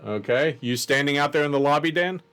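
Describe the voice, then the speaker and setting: A man narrating as game master of a tabletop game in a deliberate, descriptive way. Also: a little high, fairly bright tone, clean tone.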